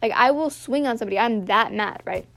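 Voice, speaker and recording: A woman's voice: fairly high pitch, fast, creaky. Chatty teenage girl telling a story. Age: teens. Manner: animated, heavy use of "like", swears freely. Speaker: podcast host. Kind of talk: casual storytelling rant.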